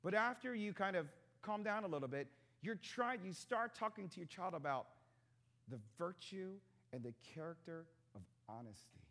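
Male pastor, 30s, lively sermon voice with big pitch swings, chatty and joking with the crowd. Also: normal speed. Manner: conversational, joking with the congregation.

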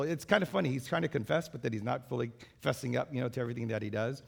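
A man's voice: medium pitch, very fast, vocal fry, few pauses, breathy edge. A man, a pastor and father, giving a sermon in a conversational way, with many fillers and repeated phrases.

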